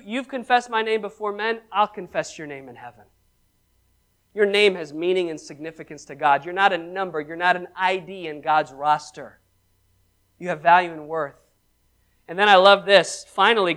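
A preacher giving a sermon who asks the congregation questions, calls for amens, and swings between loud exhortation and hushed emphasis. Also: mid-range voice.

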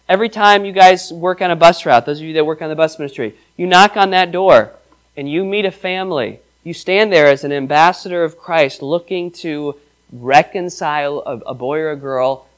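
A male pastor preaching a sermon to his church, reading scripture aloud and putting questions to the congregation. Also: a little high.

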